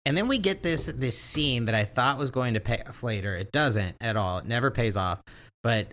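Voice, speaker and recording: A man's voice: mid-range voice, lively intonation, moderate pace, fairly bright tone. Chatty man retelling scenes. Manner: retells scenes by acting out the characters' lines. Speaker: podcast co-host. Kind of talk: casual chat recapping an episode.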